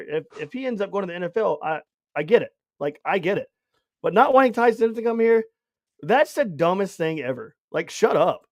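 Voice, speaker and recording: A man's voice: high voice, animated, brisk, dry recording. A man co-hosting a casual sports podcast, blunt and emphatic when he rants. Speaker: podcast co-host.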